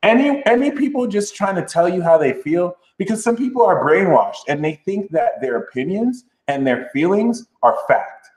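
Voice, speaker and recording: A man chats on a live astrology stream in a slightly high, very lively voice. He talks loosely and with a sassy bounce. The sound is roomy, with a clear echo off the walls. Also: normal speed, few pauses. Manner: animated, jumps into high sassy mock voices. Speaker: astrology livestream host. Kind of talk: casual livestream chat.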